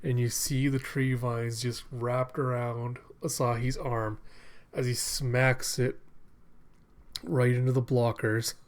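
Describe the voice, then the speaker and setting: A man reviewing a manga chapter, recapping the action and reading characters' lines aloud with excited bursts and frequent laughter. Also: medium pitch, slow. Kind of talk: reading and reacting to a comic chapter.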